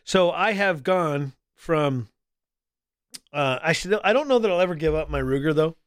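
A man's voice: a little high, lively intonation, moderate pace, clean tone, no echo, clean studio sound. A man co-hosting a casual podcast, talking in an easygoing, rambling way with many restarts. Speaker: podcast co-host. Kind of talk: casual chat.

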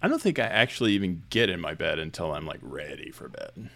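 A man's voice: sits low, very animated, brisk, sharp tone. A man co-hosting a podcast in casual chat, trading wry jokes and banter. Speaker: podcast co-host.

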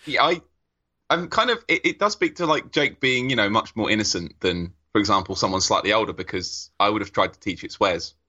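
A man joking around in a casual book discussion, telling lively funny asides, on a slightly dull mic. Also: lowish voice, a little fast. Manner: jokey, lively storytelling.

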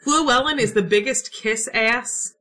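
Playful, slightly high-voiced woman. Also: sharp tone. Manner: playful, quick to laugh and tease. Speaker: podcast co-host. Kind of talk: casual chat.

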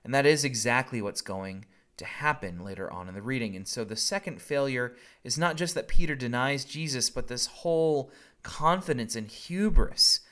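A man's voice: medium pitch, animated, moderate pace, fairly bright tone. Brief: male pastor, blunt and wry, preaching in a casual, conversational way. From Southern US. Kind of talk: recorded sermon.

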